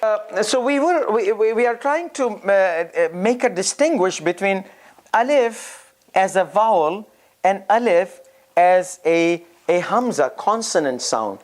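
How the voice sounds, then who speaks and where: Reading teacher, step-by-step lesson, slow delivery, rising and falling pitch, repeats each syllable, thinks aloud. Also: lively intonation. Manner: thinks aloud with frequent "uh" and restarts.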